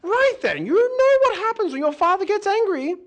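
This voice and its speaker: A woman's voice: very high-pitched, very animated, normal speed. A woman playing a prim mother. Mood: strict. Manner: prim and clipped, scolding then deferential. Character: prim, strict British mother and dutiful wife.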